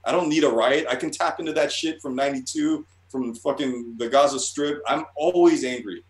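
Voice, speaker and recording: A man's voice: mid-range voice, moderate pace. Rambling, profane man in a roomy space. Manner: rambling, profane, with many restarts. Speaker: guest artist. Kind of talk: casual interview talk. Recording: roomy echo.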